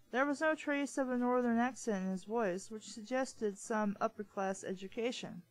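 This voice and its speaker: A woman's voice: a little high, moderate pace, hardly any pauses, low-quality recording. A woman book reviewer reading a novel aloud in a plain voice and breaking off for mocking side comments.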